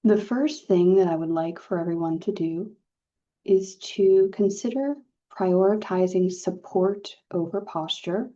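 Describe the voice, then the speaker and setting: Female meditation guide, low warm voice, soft unhurried delivery, lo-fi call sound. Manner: calm, soft-spoken, gentle pauses. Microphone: video call. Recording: dull lo-fi video call audio.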